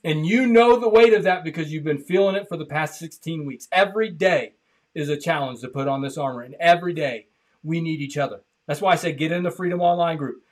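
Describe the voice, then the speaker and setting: A man's voice: a little high, fairly quick. Passionate male pastor preaching. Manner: passionate, repeats phrases, swings from loud to hushed. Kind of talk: sermon. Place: church.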